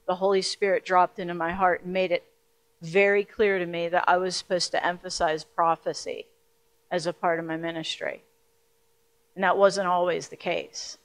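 Woman preacher, middle-aged, emotional, earnest, urgent sermon delivery, stage mic. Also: on the low side. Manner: emotional, earnest storytelling that grows louder and more urgent. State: hiccups. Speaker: pastor.

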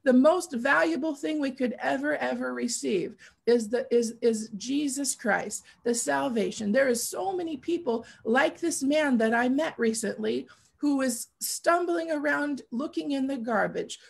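A woman's voice: high voice, gravelly, breathy edge. A woman sharing a personal testimony in an earnest, repetitive preaching style, building to fervent pleading. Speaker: guest speaker.

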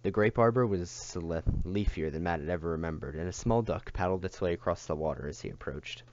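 A man reading a novel aloud in a steady, unhurried way, on a dull lo-fi recording. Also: sits low, a little hiss or hum. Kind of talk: audiobook reading.

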